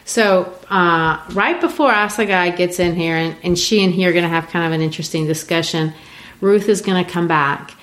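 A woman from Brazil talking casually about a play, retelling scenes in a lively way with frequent fillers. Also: lowish voice, moderate pace. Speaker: co-host discussing a play. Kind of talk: casual literary discussion.

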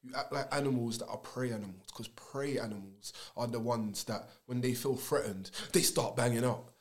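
A young man, talking in an animated, slangy, emphatic way in casual podcast chat. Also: mid-range voice, normal speed.

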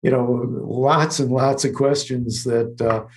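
A man's voice: medium pitch, fairly even intonation, takes it slowly. A man hosting a podcast, a clinician who speaks thoughtfully and with appreciation. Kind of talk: podcast interview.

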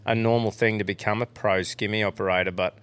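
A man's voice: fairly low pitch, steady tone, fast, fairly bright tone, clean tone, no room sound. A young Australian man co-hosting a casual podcast chat, swearing freely and laughing through his stories. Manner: swearing, yarn-spinning, laughs often. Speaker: podcast co-host.

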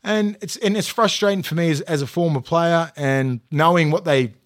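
A man, a former player, vents about a match in loose, heated podcast talk. He swears freely and stumbles through fillers and restarts. His voice sits a touch higher than most men's. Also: normal speed. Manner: heated, profane ranting with lots of fillers. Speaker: former rugby league player, panelist. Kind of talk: casual podcast chat.

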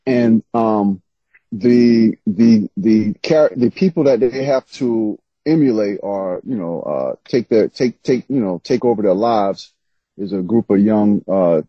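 A man's voice: on the low side, unhurried, husky, no echo. A man, an author guest, telling stories in casual interview chat with frequent laughs. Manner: animated storytelling, laughs often. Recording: slightly dull lo-fi sound.

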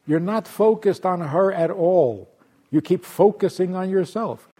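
A man teaching a Torah class, acting out imagined voices and laughing often, dropping to hushed asides and then rising loud. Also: high-pitched, big pitch swings, a little slow, slightly rough. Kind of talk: lively spoken Torah class.

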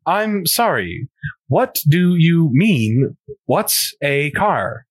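Snarky robot boy, played by a man, slow formal diction, bright lively voice, dry sound. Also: fairly high pitch, no room sound, heavily acted. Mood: puzzled. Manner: slow, formal, telemarketer-like delivery. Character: snarky newborn male robot, stiffly polite.

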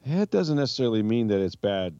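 Deep-voiced exasperated sports reporter. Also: male voice, very animated, a little fast, dark tone, no room sound, muffled recording. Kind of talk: casual sports talk.

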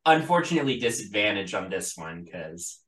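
A man's voice: lowish voice, big pitch swings, brisk, fairly bright tone, reverberant, far from the mic, rough recording. A man running a tabletop game as game master, narrating unhurriedly with many fillers.

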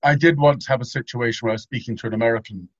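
Posh English man, husky, dry wit, muffled lo-fi podcast audio. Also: medium pitch, very fast, no echo. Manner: dry, understated humour. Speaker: podcast panelist. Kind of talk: casual panel chat.

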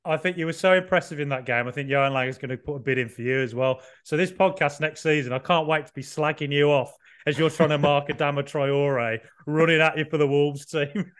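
Young british bloke on a podcast, teasing and joking, bit higher voice. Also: male voice, steady tone, a little fast, few pauses, a bit bright, clear, resonant tone. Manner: teasing, jokey, laughs a lot. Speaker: podcast co-host. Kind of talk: casual chat.

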